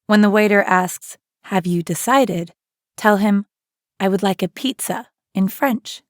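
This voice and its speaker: A woman's voice: medium pitch, unhurried, no room sound. Upbeat woman teaching in a dry studio. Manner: upbeat, encouraging. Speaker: co-host of audio lessons. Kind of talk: scripted lesson narration.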